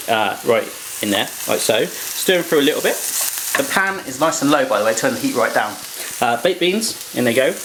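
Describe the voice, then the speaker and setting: A man's voice: a little high, lively intonation, a little fast, fairly bright tone, a little hiss or hum. A man hosting a casual cooking demo, joking around and making playful asides as he cooks. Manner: jokey and playful, with silly asides. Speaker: home cook and channel host. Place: home kitchen. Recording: echoey kitchen room.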